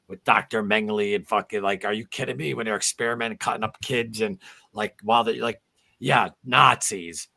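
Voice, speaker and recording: A man hosting a casual livestream chat, swearing a lot and ranting heatedly, his pitch jumping up when he gets worked up. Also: fairly even intonation, brisk, vocal fry, pushed and bright. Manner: profane, heated rants, voice climbing high when angry. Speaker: podcast host.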